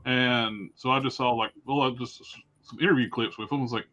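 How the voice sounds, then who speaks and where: A man's voice: medium pitch, steady tone, brisk, bright, forceful tone. Dismissive man on a dull line. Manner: dismissive, restarts sentences. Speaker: podcast co-host. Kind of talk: casual podcast chat.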